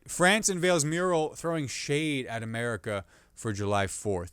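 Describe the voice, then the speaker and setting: A man hosting a comedy podcast, riffing on the news in a rambling, animated way and restarting jokes mid-sentence. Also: on the low side, smooth, dry recording, studio quality.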